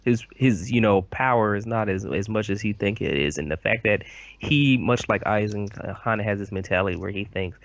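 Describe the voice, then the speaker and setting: A man's voice: fairly low pitch, fairly quick, no echo, lo-fi sound. A man co-hosting a podcast, talking in a rambling, emphatic way full of fillers, recorded over a voice call. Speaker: podcast co-host. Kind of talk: casual podcast discussion. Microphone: computer mic over a voice call.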